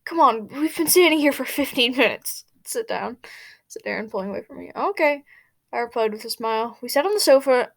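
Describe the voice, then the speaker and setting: Her voice sits fairly high with lively intonation as she reads a piece of fan fiction at a fairly quick clip. Stumbles and restarts are frequent, and she pauses for giggling side remarks.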